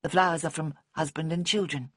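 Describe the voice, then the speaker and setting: Woman reading a kind florist lady, polite and gentle, husky low voice. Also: fairly even intonation, brisk, dry recording, studio quality. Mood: matter-of-fact.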